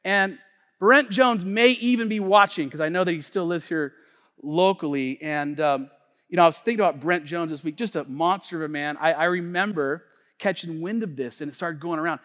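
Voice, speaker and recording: Man, pastor, high voice, casual slangy sermon, animated swings from quiet to shouting, long church-hall reverb. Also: normal speed. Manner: casual slangy talk, many fillers and restarts. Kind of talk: sermon with personal story. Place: church sanctuary.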